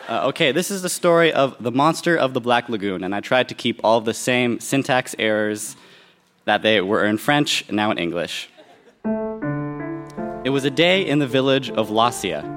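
A young man reads his childhood story to a live audience, his voice at an everyday middle pitch. He drops dry, deadpan asides as he goes. Guitar music plays behind him. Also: a little slow, pauses often. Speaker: guest reader. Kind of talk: comic reading of childhood writing on stage.

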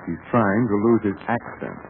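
An actor playing a confident young adventurer who coaxes and flatters, in 1940s radio acting. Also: male voice, fairly low pitch, normal speed, vocal fry. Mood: coaxing. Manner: coaxing, flattering. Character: smooth, confident young male adventurer, coaxing. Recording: tinny old radio broadcast with faint hiss.

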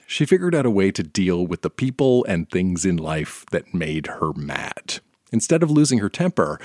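A man hosting the show, narrating a scripted introduction to the next reader in a measured storyteller manner. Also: fairly low pitch, no room sound, clean studio sound. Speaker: show host.

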